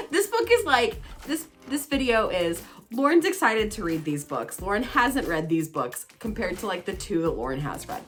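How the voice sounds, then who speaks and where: A woman vlogging about books in an excitable, chatty way, teasing herself as she goes. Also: fairly low pitch. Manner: bubbly, excitable, self-teasing. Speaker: book vlogger. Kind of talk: casual chatty book talk.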